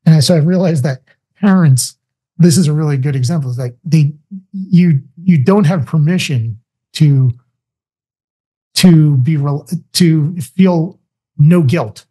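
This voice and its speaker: A man guest on a podcast telling stories in a casual, animated way, acting out what people say. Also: fairly high pitch, takes it slowly, husky. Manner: animated storyteller, acts out quoted voices. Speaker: podcast guest, business founder. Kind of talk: casual interview talk.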